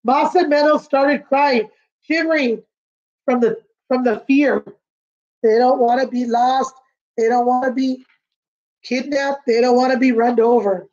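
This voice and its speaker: High-voiced teacher reading aloud. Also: female voice, steady tone, measured pace, highs cut off. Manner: warm, explaining pictures and words to kids. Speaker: kindergarten teacher. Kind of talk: reading a picture book aloud to children.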